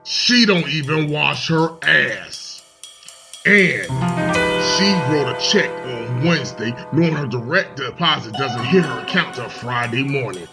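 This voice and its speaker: A man voicing a male political ad announcer in a comedy sketch, slow and grave, smearing a rival. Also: mid-range voice, expressive, vocal fry, pitched below the performer's own voice. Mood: mocking. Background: music.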